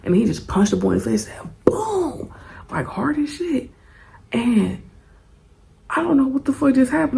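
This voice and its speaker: A young woman telling a story in a casual storytime vlog, animated and profane, laughing often. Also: sits high, normal speed, vocal fry, long pauses, a little hiss or hum.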